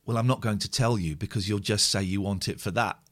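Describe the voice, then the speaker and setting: A man putting on the voice of a curt female council phone clerk who flatly refuses requests. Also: fairly low pitch, quick pace, voice pushed down, lightly acted. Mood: stonewalling. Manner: flat, blunt refusals.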